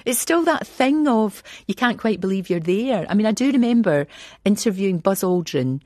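A woman in her sixties with a Glasgow accent, talking as an interview guest in an animated, chatty, self-deprecating way. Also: mid-range voice, normal speed, no echo, clean studio sound. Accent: Scottish, Glasgow. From Scotland. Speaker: guest, TV presenter. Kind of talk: radio interview chat.

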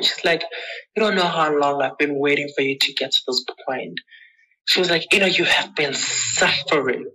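Bright-voiced woman telling a candid story. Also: moderate pace, husky, rough recording. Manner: emotional, acts out past conversations with lively pitch jumps; checks in with the listener often. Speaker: interview guest.

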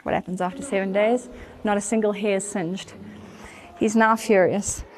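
A woman's voice: mid-range voice, fairly even intonation, moderate pace, slight background noise. A woman preaching, retelling a story earnestly and with animation. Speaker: church speaker. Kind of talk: storytelling sermon.

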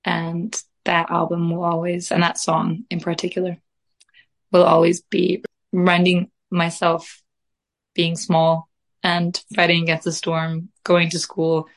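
A woman's voice: fairly low pitch, completely flat delivery, measured pace. A young woman, a guest musician, talking casually in an interview, rambling dreamily and laughing easily.

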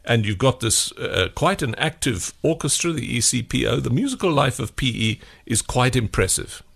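Male radio presenter, gravelly, relaxed interviewer. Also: medium pitch. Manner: gravelly, unhurried, with frequent uhs.

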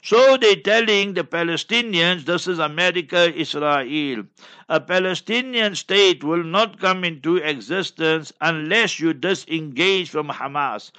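Combative South African man, bright tense voice. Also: a little high, measured pace. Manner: combative, repetitive, scornful. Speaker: Islamic scholar. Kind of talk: fiery religious commentary. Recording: dull lo-fi recording.

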